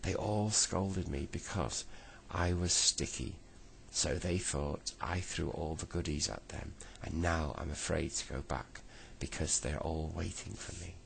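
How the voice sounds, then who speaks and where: A man's voice: a bass voice, measured pace, vocal fry, few pauses, slight background noise, exaggerated voice, rough recording. A man voicing a gloomy, timid male storybook character who complains plaintively. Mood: tearful.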